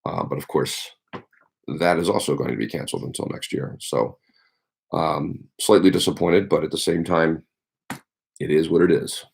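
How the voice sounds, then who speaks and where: A man's voice: a bass voice, moderate pace, gravelly, darkish tone, breathy edge. A man, a teacher, chatting casually on a livestream, rambling with lots of ums and you-knows.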